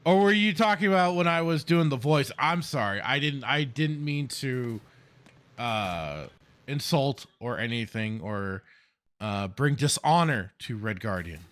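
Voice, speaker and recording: A man's voice: mid-range voice, animated, a little slow, a bit bright. A man streaming a video game, making sarcastic jokes and talking to his chat as he plays. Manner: joking, sarcastic, talks to chat. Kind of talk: let's-play commentary.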